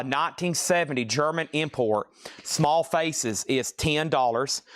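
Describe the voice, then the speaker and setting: Brisk man calling a live record sale. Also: fairly high pitch, a bit bright, no echo, clean studio sound. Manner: brisk, matter-of-fact listing of items and prices. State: briefly out of breath. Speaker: livestream record sale host. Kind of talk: live sales patter.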